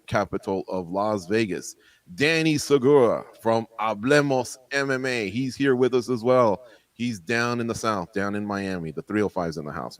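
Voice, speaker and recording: A man's voice: medium pitch, fairly bright tone, no echo. A man hosting a sports roundtable, upbeat and playful as he introduces the panel and the topics. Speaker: host. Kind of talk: show host introduction.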